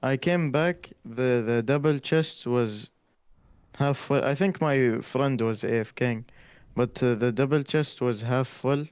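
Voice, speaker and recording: A man whose first language is Arabic, talking casually with a friend while they play together. His voice is smooth and clear at an average pitch. He often stumbles and repeats words when starting a sentence, and the sound is dry with no room echo. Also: unhurried, a little mellow. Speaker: friend on voice chat. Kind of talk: casual gaming chat.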